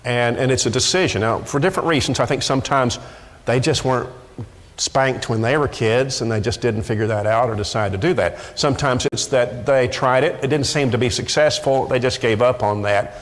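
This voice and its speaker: A man's voice: mid-range voice, brisk. Preacher man in an echoey church hall. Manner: emphatic, repeats words when pressing a point. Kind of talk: sermon. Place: church sanctuary.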